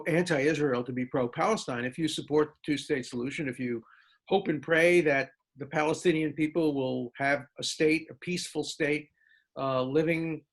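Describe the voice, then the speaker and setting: Emphatic, fairly high-voiced male law professor. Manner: emphatic and sarcastic, piling up lists of words; animated speaker with big pitch jumps for emphasis. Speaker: law professor answering student questions. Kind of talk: lecture-style Q&A answer.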